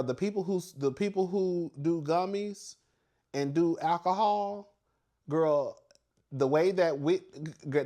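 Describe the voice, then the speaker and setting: A man with a slightly high voice talks through a reality TV episode in a loose, gossipy way. He is animated and sassy, swears freely and laughs between points. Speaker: reality TV commentator. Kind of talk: casual reality TV recap.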